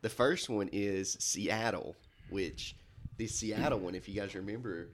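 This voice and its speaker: A man co-hosting a podcast walks through events in loose casual chat, with plenty of filler words. His voice sits on the low side, with a faint hiss under it. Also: a little slow. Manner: rambling, recapping with filler words. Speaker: podcast co-host.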